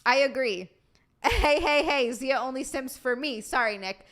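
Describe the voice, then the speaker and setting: Bright, bubbly woman streamer. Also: high-pitched, expressive, a little slow. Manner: bubbly, reads chat aloud, rambling asides. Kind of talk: casual live-stream chat.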